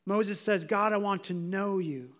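A man's voice: high voice, unhurried, fairly bright tone. A man preaching a sermon as a pastor, in a conversational way, often saying "like" as he explains. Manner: conversational, filler "like".

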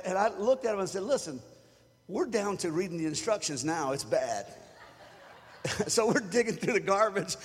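In a church with long, echoing hall reverb, a high-voiced pastor delivers a sermon with a breathy edge. His manner with the congregation is easy, rising to loud invitations for everyone to join in.

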